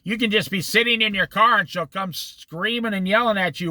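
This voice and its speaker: A man leading an informal Bible study, explaining scripture in an animated, storytelling way and acting out the quotes. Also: sits high, brisk, dry recording.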